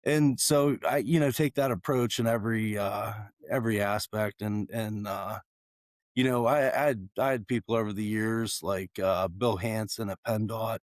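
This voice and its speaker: A man losing his voice, talking in a raspy, hoarse way with many fillers and restarts in a casual conversation. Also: on the low side, fairly even intonation, normal speed, no room sound, clean studio sound. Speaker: guest.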